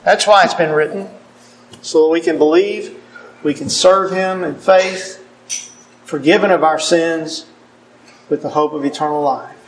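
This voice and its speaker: A middle-aged man preaching a sermon, earnest and deliberate, quoting scripture with emphasis. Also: a little high, fairly bright tone, slight background noise, rough recording.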